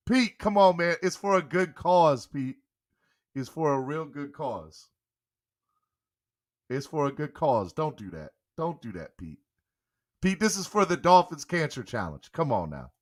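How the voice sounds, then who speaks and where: A man's voice: on the high side, big pitch swings, measured pace, pauses often. A young man hosting a casual live-stream sports show, playfully coaxing a guest and laughing often. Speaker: podcast host.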